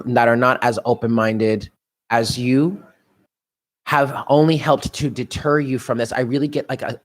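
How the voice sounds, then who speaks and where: A man doing a live tarot reading, talking in a musing, chatty way and often laughing to himself. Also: mid-range voice. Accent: New York. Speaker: tarot reader.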